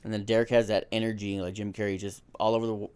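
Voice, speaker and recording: A man's voice: lowish voice, flat delivery, very fast, darkish tone, slight background noise. A young man co-hosting a podcast, chatting in a laid-back way with casual swearing. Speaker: podcast co-host. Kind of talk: casual chat.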